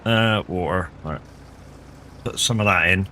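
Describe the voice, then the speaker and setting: Man, live game streamer, casual sweary chat, bright forceful tone, low-ish voice. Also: measured pace, slight background noise. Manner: laid-back, swears freely, chats with viewers.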